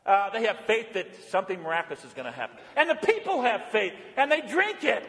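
Pastor guy with a high voice preaching, goes from bouncy to real quiet and serious, big church echo. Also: moderate pace. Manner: swings from lively and playful to hushed and earnest. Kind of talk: sermon.

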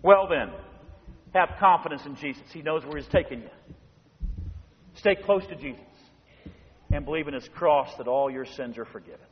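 High-voiced pastor preaching in a reverberant church. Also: male voice, normal speed, pauses often. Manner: animated storytelling, acting out voices in bursts. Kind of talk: sermon. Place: church sanctuary. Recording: dull sound in a reverberant church.

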